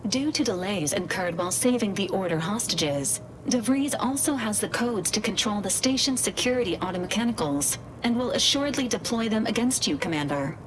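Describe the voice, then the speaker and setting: A woman voicing a calm, formal female ship computer in a video game, giving crisp military briefings. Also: medium pitch, a little fast, few pauses, noisy background, lightly acted.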